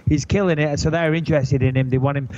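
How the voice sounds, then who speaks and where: English guy in his thirties, podcast guest, lively, jokey and profane, pitched a bit high, lo-fi sound. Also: fast, background noise. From England. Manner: animated, joking and profane. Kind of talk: casual podcast chat.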